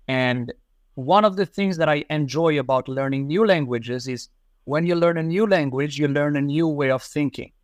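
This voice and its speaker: In a dry, studio-quality recording, a language educator from Morocco speaks in a mid-range voice during a casual interview. He responds thoughtfully and repeats important phrases to stress them.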